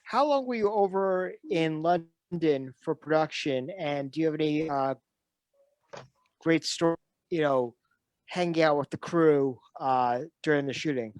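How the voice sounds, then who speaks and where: A male host asking halting, hesitant interview questions over a video call. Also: fairly high pitch, clear, resonant tone, no room sound, poor audio.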